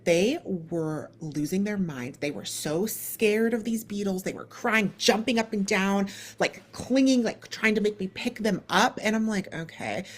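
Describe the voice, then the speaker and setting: A woman in her thirties hosting a podcast, telling a long story in a casual, animated way, full of "like" and acted-out dialogue. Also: mid-range voice, measured pace, few pauses. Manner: animated, lots of "like" and quoted dialogue. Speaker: podcast co-host.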